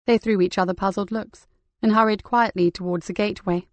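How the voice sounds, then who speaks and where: A woman narrating a crime novel audiobook in a calm, even storytelling manner. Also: medium pitch, normal speed, few pauses, no room sound.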